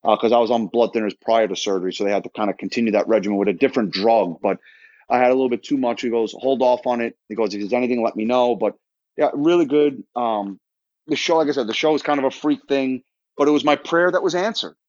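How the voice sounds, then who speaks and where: A man's voice: mid-range voice, fast talker, darkish tone, dry recording, dull audio. A man in his thirties from Florida, a podcast guest telling his story in a casual, rambling way full of restarts and quoted dialogue. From Florida, United States.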